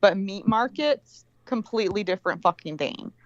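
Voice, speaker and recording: A woman's voice: medium pitch, animated, moderate pace, dry recording, lo-fi sound. A woman in casual chat on a video call, swearing constantly as she rambles through a story.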